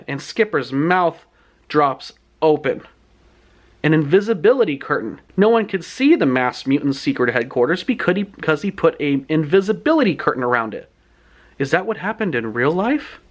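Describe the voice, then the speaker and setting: A man retelling a book's plot in his own words, in a chatty, animated storytelling manner. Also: a little high, normal speed. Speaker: book reviewer.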